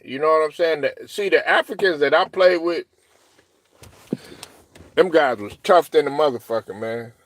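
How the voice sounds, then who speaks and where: With a mid-range voice and no echo, this sports talk show co-host keeps things casual and animated. He curses, impersonates what others said, and stumbles through plenty of fillers and restarts.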